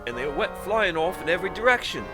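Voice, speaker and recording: A man's voice: sits high, animated, fast talker, voice pushed up. A man voicing a woman from a game with a clumsy, uneven imitated Australian accent, over game music. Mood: chirpy. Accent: Australian, imitated badly.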